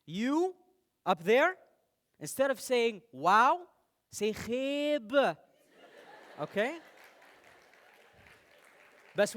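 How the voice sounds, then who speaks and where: A young man from the United Arab Emirates giving a playful, animated talk on stage and speaking straight to the audience. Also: high voice. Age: young adult.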